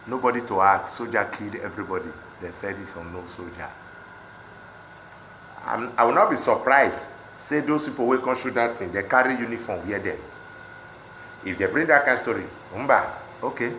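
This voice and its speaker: A Nigerian man with a Pidgin-inflected accent, speaking in an impassioned monologue that swings between loud outbursts and low muttering. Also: moderate pace, a little hiss or hum. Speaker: celebrity speaking on protests. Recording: echoey room.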